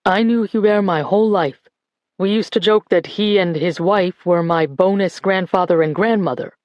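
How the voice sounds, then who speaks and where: A woman voicing a grieving man who gives a slow, measured eulogy at a church funeral. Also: lowish voice, darkish tone, no echo, dull audio, close to an everyday voice. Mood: solemn, reflective. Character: grieving grandson giving a church eulogy, male adult.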